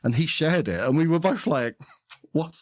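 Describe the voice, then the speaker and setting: A man's voice: fairly high pitch, animated, moderate pace, no echo, studio quality. A man, a podcast guest explaining his views in a thoughtful, conversational way. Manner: thoughtful, explanatory, with occasional laughs. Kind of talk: conversational interview.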